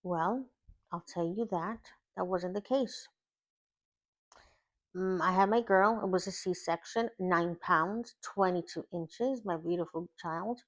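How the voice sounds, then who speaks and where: A woman's voice: lowish voice, slow pace. A woman life coach telling her personal testimony in an earnest, emotional way, often repeating words for emphasis. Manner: earnest, emotional storytelling with repetition.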